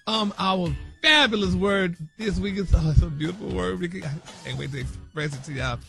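High-voiced playful radio co-host, man. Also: brisk, vocal fry, pushed and bright, soft background music. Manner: playful, mock-earnest, stumbling over words. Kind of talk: comedic radio segment. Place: radio studio.

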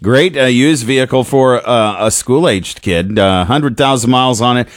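A man co-hosting a radio show, bantering casually with dry, deadpan humor. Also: medium pitch, normal speed, no room sound. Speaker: radio co-host.

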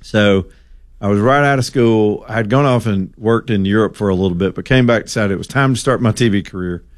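A middle-aged man, hosting a talk radio show and telling stories in a casual, animated way. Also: fairly low pitch, fairly quick. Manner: animated storyteller, acts out quotes. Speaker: radio host.

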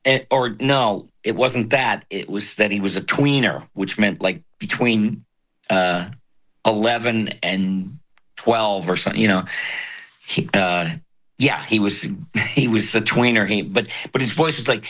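Low-voiced older man, reflective and halting. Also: a bit bright. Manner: reflective, halting, many fillers. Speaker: voice actor guest. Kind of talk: casual interview talk.

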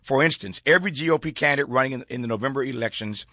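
A man's voice: medium pitch, rapid-fire, sharp tone, no echo, studio quality. A man hosting a political talk show, reading from a column and chuckling as he riffs on it. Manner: reads aloud then riffs, folksy and chuckling. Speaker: host.

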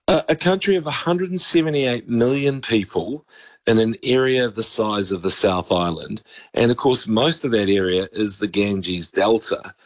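Male NZ radio sports pundit, low-pitched, chatty and opinionated, dry close sound. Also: normal speed, dry recording. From New Zealand. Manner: chatty, opinionated, with frequent restarts. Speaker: regular sports commentator. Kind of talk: casual radio sports chat.

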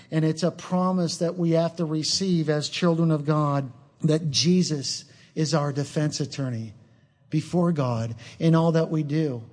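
A man's voice: a little high, darkish tone. A male preacher delivering an earnest sermon, mixing scripture with personal stories.

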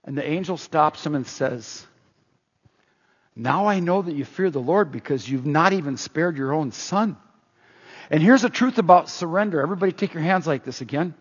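A man preaching a sermon as pastor, animated, quoting scripture aloud. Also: fairly high pitch, normal speed, breathy edge. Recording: roomy hall, dull lo-fi sound.

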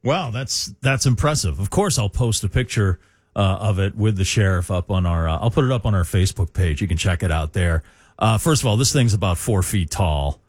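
A man's voice: lowish voice, animated, brisk, darkish tone, husky. A man hosting a morning radio show, chatting casually with many hesitations and fillers. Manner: hesitant, lots of uh fillers, chuckling.

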